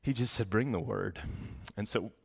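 A man giving a sermon as pastor, speaking conversationally and telling stories with humor and lively bursts. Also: lowish voice, moderate pace, creaky, husky. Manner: conversational, animated storytelling with humor.

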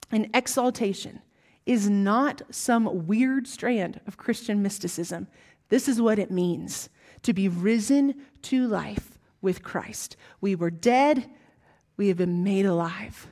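A Southern-accented woman delivers a sermon at a slow, deliberate pace. Her voice sits a little high. She builds to emphatic lines, then drops to hushed, almost whispered asides. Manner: emphatic, swings between rising exclamations and hushed asides. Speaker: preacher.

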